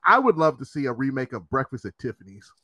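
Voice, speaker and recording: A man co-hosting a podcast in casual chat, animated and swearing, often acting out what people said. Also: mid-range voice, fast, husky, dry recording. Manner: animated, swearing, acts out quotes. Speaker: podcast co-host.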